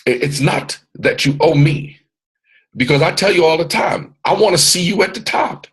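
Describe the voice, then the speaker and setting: Loud motivational guy on a video call, husky voice, repeats himself like a preacher. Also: on the high side, expressive, moderate pace, low-quality recording. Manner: boisterous, preacher-like repetition. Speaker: mentor hosting a training call.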